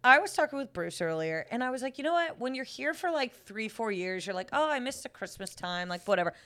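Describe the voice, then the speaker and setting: Woman, podcast co-host, casual chat, giggly, tongue-tied, bouncy expressive voice. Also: a little high, brisk. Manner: giggly and tongue-tied, tripping over words.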